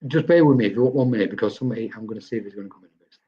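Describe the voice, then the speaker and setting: A man's voice: lowish voice, rapid-fire, dull audio. A man working as a psychic medium, giving live-stream readings in a chatty way and often checking in with "okay?". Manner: chatty, tags lines with "okay?".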